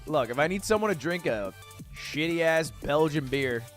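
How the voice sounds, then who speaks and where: Young male streamer, high and bouncy delivery, casual banter with chat, faint music under a dry mic. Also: normal speed. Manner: animated, jokey, swears freely. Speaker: livestream host.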